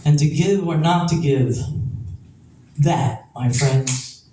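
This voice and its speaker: A man reciting spoken word poetry with measured, dramatic phrasing. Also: fairly high pitch, mellow, recorded from a distance. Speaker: poet. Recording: echoey room from afar, faint noise.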